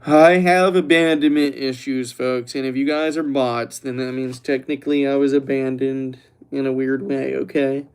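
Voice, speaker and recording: A young man hosting a livestream who chats loosely and teases the viewers while reading their comments aloud, relaxed after a few glasses of red wine. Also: mid-range voice, normal speed, clean tone. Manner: joking, teasing, reads chat aloud. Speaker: livestream host. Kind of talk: casual livestream chat.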